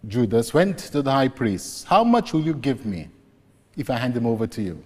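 A man preaching a sermon, slowly and deliberately retelling scripture scenes. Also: medium pitch, sing-song, darkish tone. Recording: long reverb, echoey hall.

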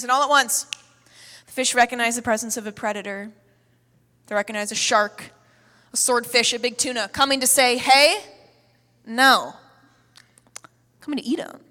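A woman preaches with high, bright energy, telling stories with humor and hitting her points hard. Her voice carries through an echoey church hall with a long reverb. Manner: energetic, humorous, emphatic storytelling. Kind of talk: sermon.

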